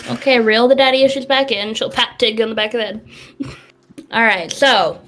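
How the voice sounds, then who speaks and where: A woman's voice: a little high, moderate pace, a bit bright, soft background music. A woman playing a tabletop game, sassy and teasing. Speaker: player.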